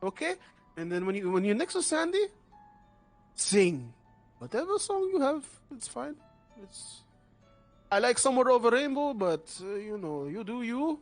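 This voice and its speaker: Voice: mid-range voice, big pitch swings, moderate pace, pauses often, faint music behind, pitched above the performer's own voice, natural voice. Game master putting on a big accented tavern boss. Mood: bossy. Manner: broken, bossy, sing-song phrasing. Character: big male tavern owner with an odd accent.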